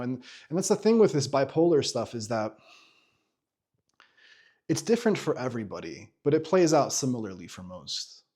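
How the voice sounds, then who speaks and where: A man in his thirties tells his own story straight to the camera, candid and animated, with lots of fillers and restarts along the way. His voice is mid-pitched, and he swears freely. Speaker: vlogger.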